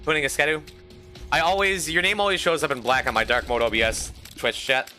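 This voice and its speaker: A man's voice: on the high side, fairly even intonation, brisk, pushed and bright. A sleep-deprived man streaming and chatting casually with his viewers, rambling and repeating words. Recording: music playing behind the voice. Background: game music.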